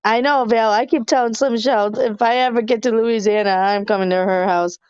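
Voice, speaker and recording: A woman's voice: fairly high pitch, fairly even intonation, fairly quick, a little mellow, clean tone, no echo, muffled recording. Chatty, giggly woman podcast host. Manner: chatty, laughs often, many fillers. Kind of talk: casual chat reading viewer comments. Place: hotel room.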